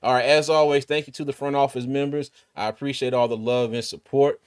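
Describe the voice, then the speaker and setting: A man's voice: mid-range voice, steady tone, a little fast, clear, resonant tone. A man hosting a casual sports live stream, laid-back and chatty, with many fillers and restarts. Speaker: sports podcast host.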